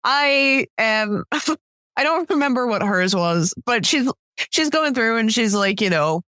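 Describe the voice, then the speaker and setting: Woman co-hosting a podcast, kinda high, bouncy voice, laughs a lot, dry sound. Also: animated, slow pace, a bit bright, no room sound. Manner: teasing, giggly storyteller. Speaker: podcast co-host. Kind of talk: casual chat.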